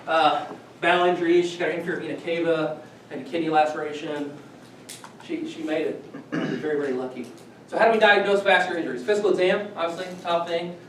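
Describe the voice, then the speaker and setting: A man delivers a casual classroom lecture, checking in with his students constantly. His voice sits a little high for a man. He is picked up from far off in a very echoey room, with a faint hiss underneath. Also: a bit bright. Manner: conversational, repeats okay as a check-in.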